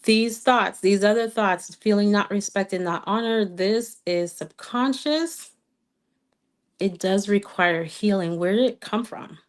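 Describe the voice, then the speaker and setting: A woman's voice: medium pitch, slow pace. A woman with a slight accent coaching viewers in a live stream Q&A, earnest, repeating key phrases and often checking in with "okay?". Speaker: twin flame coach.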